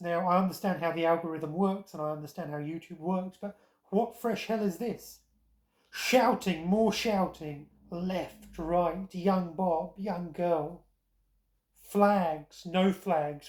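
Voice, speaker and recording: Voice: mid-range voice, darkish tone, reverberant. A tired vlogger giving rambling, sardonic commentary with self-mocking asides, short on sleep.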